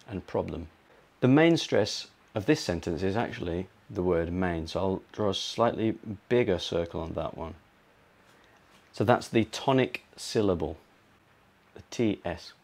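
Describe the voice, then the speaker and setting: A British man teaching a pronunciation lesson, explaining slowly and repeating words to model them. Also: low-pitched, a little mellow. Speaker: English teacher.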